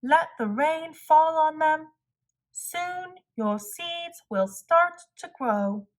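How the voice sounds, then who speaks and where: Woman doing a calm wise male frog, storybook read-aloud, gentle reassuring tone, high voice. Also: drawn-out words.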